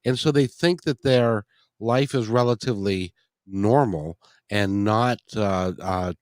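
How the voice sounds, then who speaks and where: Halting, rambling male host, dry sound. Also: lowish voice, darkish tone, no room sound. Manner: rambling, halting, self-correcting. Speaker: podcast host. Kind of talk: conversational interview.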